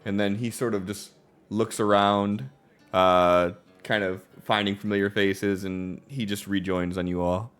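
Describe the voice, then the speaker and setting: A man's voice: fairly low pitch, level tone, a little slow, a bit bright, clear, resonant tone, faint music behind. A man narrating a tabletop game as game master, telling the scene in a laid-back way with plenty of ums and uhs. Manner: laid-back, filler-heavy storytelling.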